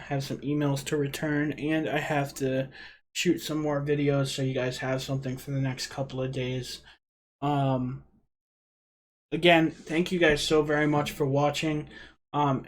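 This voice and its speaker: A man's voice: on the high side, fairly bright tone, slight background noise. Chatty man with a Rhode Island accent. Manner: chatty, rambling, answers viewer questions. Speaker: livestream host. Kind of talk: casual livestream chat.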